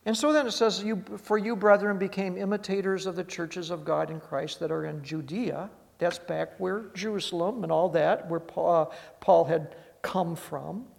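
High-voiced pastor preaching in a reverberant hall. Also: male voice, fairly even intonation, moderate pace, creaky, hardly any pauses. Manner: reads scripture aloud, then explains in plain conversational asides. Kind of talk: sermon.

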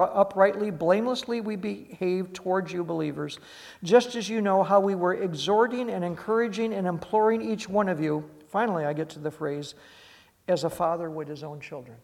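A man's voice: high-pitched, gravelly, in a large hall. A man preaching a sermon as a pastor, reading scripture aloud and then explaining it in plain conversational asides.

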